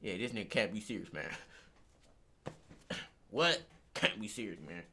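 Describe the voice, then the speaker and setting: Man, exasperated rant, lively pitch swings, bright tense tone, mutters then bursts out. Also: normal speed, slight background noise. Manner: exasperated, repeats himself, swings between mutters and outbursts. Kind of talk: venting rant.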